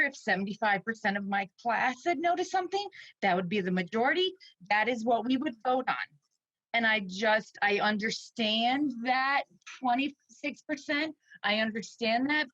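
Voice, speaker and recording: A woman's voice: a little high, lively intonation, moderate pace, a bit bright, dry recording, highs cut off. A woman in her forties, a parent and teacher, crying as she gives an emotional public comment at a meeting. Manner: tearful, pleading, shaky.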